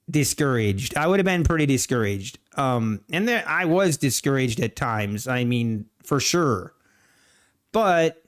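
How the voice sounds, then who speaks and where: Slow, halting man chatting on a live stream. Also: a little high, clean tone. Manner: slow, halting, many restarts, answers chat. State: throat-clearing, coughing. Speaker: livestream day-trading host. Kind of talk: casual live-stream chat. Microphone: desk mic.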